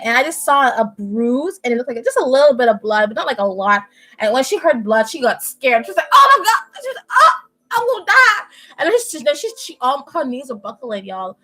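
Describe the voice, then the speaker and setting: A young Bahamian woman chatting at home on a live stream, telling an animated story and often laughing. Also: sits high, low-quality recording. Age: young adult. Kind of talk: casual chat, storytelling. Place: at home indoors.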